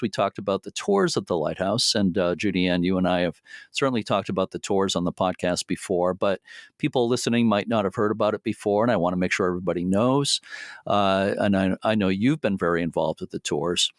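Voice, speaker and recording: Male podcast host, low-pitched, easygoing, dry close sound. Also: dry recording. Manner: relaxed, friendly, with frequent fillers. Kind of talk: casual podcast chat.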